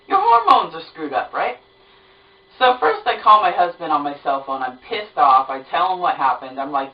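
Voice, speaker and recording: A woman's voice: low-pitched, moderate pace. Woman vlogger, casual chatty storyteller; distant roomy recording. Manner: chatty, animated retelling with lots of fillers. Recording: roomy, distant, dull sound.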